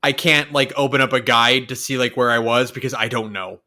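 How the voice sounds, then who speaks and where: A man's voice: medium pitch, steady tone, fairly quick, pushed and bright. A man co-hosting a podcast in casual chat, laid-back and wry. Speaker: podcast co-host.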